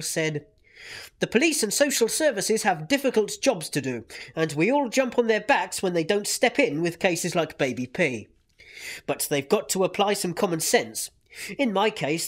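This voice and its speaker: Voice reading out a news story. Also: mid-range voice.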